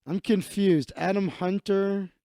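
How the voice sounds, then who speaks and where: A man rambles and swears as he hosts a casual livestream, reacting offhand to whatever scrolls past. His voice sits a bit high for a man. The sound is dry and close, with no room around it. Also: steady tone, slow, warm tone, dry recording. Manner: rambling, profane and offhand, laughing at his own asides. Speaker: livestream host. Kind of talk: casual livestream chat, reading his feed aloud.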